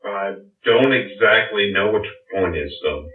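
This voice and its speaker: Crude low-voiced podcast man, muffled. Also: animated, a little slow. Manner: crude, combative banter. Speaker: podcast co-host. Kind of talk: casual chat. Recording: echoey room, far off, dull sound.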